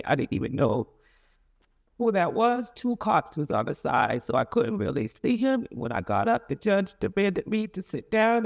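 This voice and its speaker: A woman's voice: fairly low pitch, vocal fry, a little mellow. Emotional middle-aged woman telling her story. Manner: rambling, halting storytelling with many restarts; emotional, rising and falling with feeling. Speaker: interviewee, mother of a convicted son. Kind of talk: emotional personal account in an interview.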